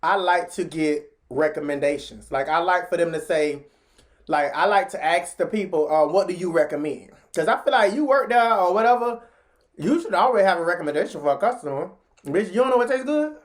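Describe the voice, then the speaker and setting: A woman telling a story in a casual vlog, chatty and slangy, talking straight to her viewers. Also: fairly quick. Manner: animated, jumps into high pitch when acting out what people said.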